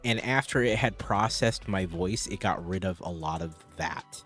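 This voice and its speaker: A man's voice: deep voice, normal speed, fairly bright tone, soft background music. A man chatting casually on a live stream, rambling as he answers viewers' chat.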